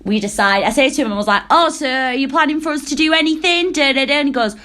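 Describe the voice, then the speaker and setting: A woman's voice: high-pitched, fast, bright, forceful tone. Sweary young Yorkshire woman telling stories. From Selby, Yorkshire, England. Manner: broad, sweary, laughing storytelling. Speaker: podcast co-host. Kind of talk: casual storytelling chat.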